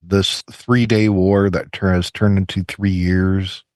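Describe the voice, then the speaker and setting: A man with a very low voice co-hosts a laid-back podcast and rambles through sports talk and crude jokes. The recording is dry and close, with no room sound. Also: level tone, takes it slowly, a little mellow, no room sound. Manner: crude joking, rambling about sports and news. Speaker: podcast co-host. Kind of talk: casual chat.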